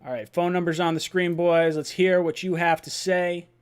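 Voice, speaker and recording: Excited high-voiced young man hosting. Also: moderate pace, smooth. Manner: excited, laughing, often shouting. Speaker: fan show host. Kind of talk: live-stream call-in fan talk.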